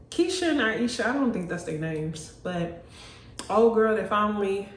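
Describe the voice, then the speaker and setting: A young woman recapping a TV show in a casual, animated way, talking bluntly and swearing freely. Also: fairly low pitch, distant mic, slight background noise. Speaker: TV recap vlogger. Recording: echoey room, voice off-mic.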